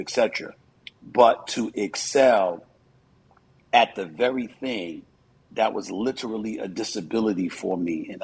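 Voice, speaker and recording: Low husky guy talking slow and earnest in an interview, lots of ums. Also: poor audio. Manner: measured, earnest, with frequent "um" fillers. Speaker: interview guest, commentator. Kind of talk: reflective interview answers.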